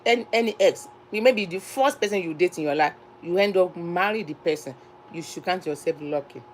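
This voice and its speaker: A woman's voice: fairly low pitch, a little hiss or hum, poor audio. Nigerian woman hosting a casual live chat. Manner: chatty, repetitive, emphatic. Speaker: live stream host.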